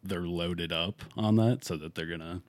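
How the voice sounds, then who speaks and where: Young man, very low voice, relaxed and halting, casual chat, dry close mic. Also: no echo. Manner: relaxed, halting, laughs easily. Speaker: tandem skydiving instructor.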